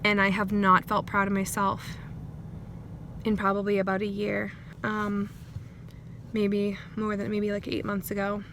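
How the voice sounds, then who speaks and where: A woman talking in a candid personal video diary, earnest and reflective, with frequent pauses and ums. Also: mid-range voice, completely flat delivery, background noise. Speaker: vlogger.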